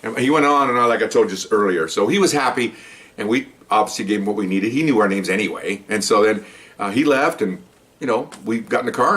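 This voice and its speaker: A man's voice: mid-range voice, a bit bright. An older man, a retired police officer, telling a story in a rambling, folksy way, with many asides and "okay?" tags. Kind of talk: casual storytelling.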